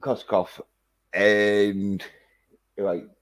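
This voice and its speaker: A man's voice: lowish voice, little pitch movement, extremely slow. A man recapping a film in a casual, rambling way, full of hesitations and swearing. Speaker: film reviewer.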